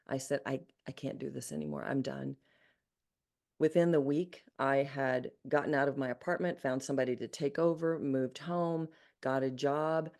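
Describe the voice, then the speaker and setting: Southern lady in her 60s, earnest and animated, trips over her words a bit, chatting as an interview guest. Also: very deep voice, normal speed. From Arkansas, USA. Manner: earnest, animated, frequent restarts. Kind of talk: storytelling in an interview.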